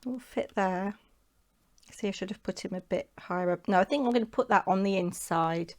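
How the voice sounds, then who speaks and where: A woman hosts a papercraft crafting tutorial, speaking at a normal speed in a mid-range voice. She chats in a relaxed way and talks to herself as she goes along.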